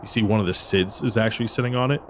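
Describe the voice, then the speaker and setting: A man's voice: lowish voice, very fast, slight background noise. A man narrating a tabletop game as dungeon master, describing scenes at length.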